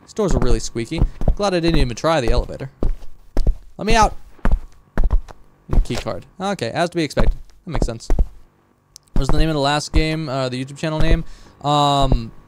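Man streamer, chatty and self-mocking, fairly high voice, noisy audio. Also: brisk. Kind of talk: live gameplay commentary.

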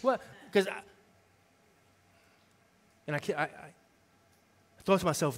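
A man preaching a sermon as associate pastor, telling a story in a lively, conversational way and swinging between loud preaching and quiet, intimate moments. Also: high-pitched, a little slow, pauses often. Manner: animated storytelling, conversational with the congregation. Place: church sanctuary.

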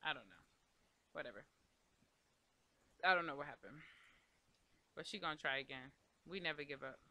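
A man hosts a casual let's play, chatting to the game characters and his viewers as he goes. His voice is very bright and sits a bit high. He speaks in a loose, conversational way throughout. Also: lively intonation, normal speed. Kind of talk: casual gameplay commentary.

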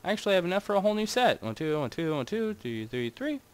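A man's voice: big pitch swings, quick pace, smooth. Young guy rambling over his game, voice bouncing all over the place, chatting to viewers. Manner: rambling and chatty, talks to his audience, jumps between wild highs and mutters. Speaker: Minecraft gaming channel host. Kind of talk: casual gameplay commentary.

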